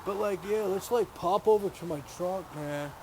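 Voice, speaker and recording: Gravelly, high-voiced man joking crudely. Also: moderate pace, noisy background. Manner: crude, profane joking banter. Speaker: vlogger working on his car. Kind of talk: casual chat while working on a car. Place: home garage, working on a car.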